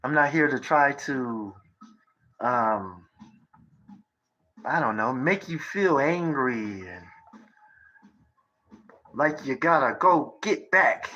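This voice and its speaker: Thirties male streamer, unhurried drawl, rambling profane rants with rhetorical jabs at the audience. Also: medium pitch, animated, pushed and bright, muffled recording. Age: 30s. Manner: profane, lecturing, conspiratorial, asks rhetorical questions. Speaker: livestreamer. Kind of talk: rambling livestream monologue.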